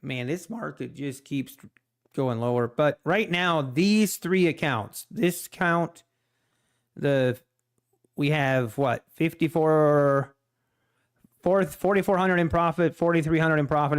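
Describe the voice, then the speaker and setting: A man chatting casually on a live stream about his trading, relaxed and rambling, often poking fun at himself. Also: a little high, smooth. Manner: relaxed, rambling, self-deprecating, chuckles often. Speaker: livestream day trader.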